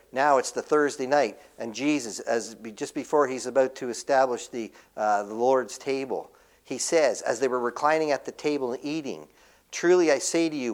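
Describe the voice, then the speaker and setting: Man preaching a sermon, higher-pitched. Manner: expository, asks the congregation questions then answers; swings from emphatic to quiet and low.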